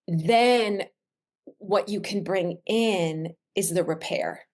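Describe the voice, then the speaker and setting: A woman in her thirties, a wellness expert, talking earnestly and reflectively in a heartfelt conversation, slowing down on the phrases she stresses. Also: fairly low pitch, a little mellow.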